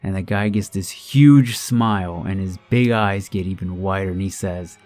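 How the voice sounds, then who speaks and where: Deep-voiced man narrating horror stories. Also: normal speed, hardly any pauses. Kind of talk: reading submitted true scary stories aloud. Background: soft background music.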